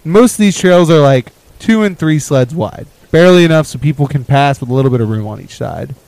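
A young adult man telling a story in casual podcast chat, rambling and laughing as he talks, with his phrase ends often trailing off quietly. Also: a little high, animated, a little fast, creaky, no echo, poor audio. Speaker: podcast co-host.

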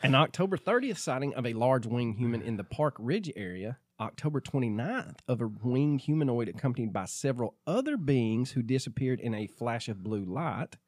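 A man co-hosting a podcast, reading items out in a dry, deadpan manner. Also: mid-range voice, moderate pace, hardly any pauses, no echo. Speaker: podcast co-host.

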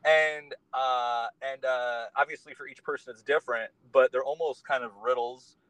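A man speaks at an ordinary pitch, neither high nor low, as a podcast guest in relaxed conversation. He tells his story earnestly and lets it wander as he goes, in a close, dry-sounding room. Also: moderate pace, no echo, low-quality recording. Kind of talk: casual conversation.

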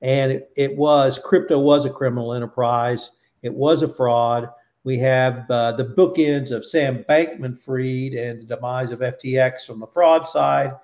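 A man hosts a roundtable podcast in a loose, conversational way. His mid-pitched voice has a gravelly edge of fry. He talks emphatically, stacking points one after another. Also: steady tone, a little slow, darkish tone. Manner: emphatic, building lists. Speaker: podcast host. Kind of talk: casual roundtable podcast chat.

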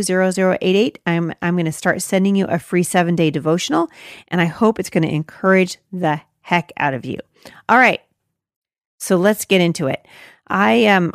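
A woman's voice: on the low side, no room sound, clean studio sound. A middle-aged woman hosting a faith-based motherhood talk, speaking earnestly and with animation, often restarting her sentences. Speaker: podcast host.

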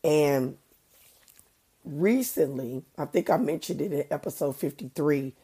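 A middle-aged woman hosts a faith podcast, speaking earnestly and conversationally with a preacher's emphasis, slightly congested from allergies. Her voice is deep, mellow, and a bit breathy, animated but at a measured pace.

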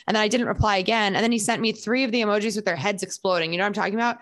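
A woman's voice: mid-range voice, racing. A young woman hosting a podcast, chatting casually and telling emphatic stories with acted-out quotes. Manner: animated storyteller, acts out quotes, emphatic. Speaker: podcast host. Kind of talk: casual chat.

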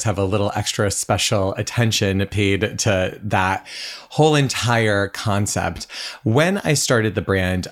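Man, lowish voice, brow expert guest, polished and upbeat explaining. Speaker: eyebrow specialist guest. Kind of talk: casual podcast interview.

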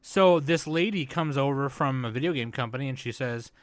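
A man co-hosting a casual anime review chat, excitable and swearing often as he mocks shows. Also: medium pitch, fairly quick, no echo. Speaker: podcast co-host.

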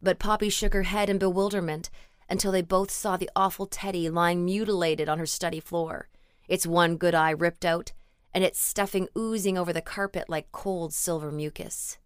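Low-voiced woman reading a story. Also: fairly even intonation, normal speed, clear, resonant tone, no echo, studio quality. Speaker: audiobook narrator. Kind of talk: scripted narration.

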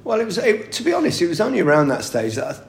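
Gravelly man telling anecdotes. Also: high voice, huge pitch swings, fast talker, slight background noise. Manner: chatty anecdotal, frequent laughs and restarts. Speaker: guest, former footballer. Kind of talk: casual interview storytelling. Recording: echoey room.

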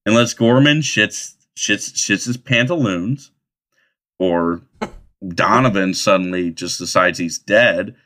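Low, bright-voiced man ranting crudely. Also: slow pace. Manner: profane, teasing, rambling. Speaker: podcast host. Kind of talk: crude casual chat.

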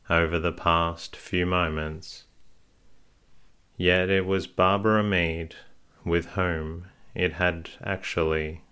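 A man with a very low voice reads a sleep story aloud, slow and calm. His tone stays smooth and resonant, barely rising or falling from line to line. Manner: calm, unhurried reading. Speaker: sleep story podcast host. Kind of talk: scripted bedtime story narration.

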